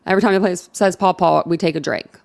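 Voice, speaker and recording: Woman host, casual livestream chatter, emphatic and animated, repeats herself for effect. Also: on the low side, quick pace, gravelly. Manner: laughing, animated, emphatic repetition.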